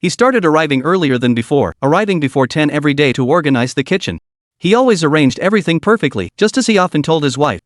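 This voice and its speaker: Guy narrating a story recap, lively pitch, dry close sound. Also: no room sound. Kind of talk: scripted narration.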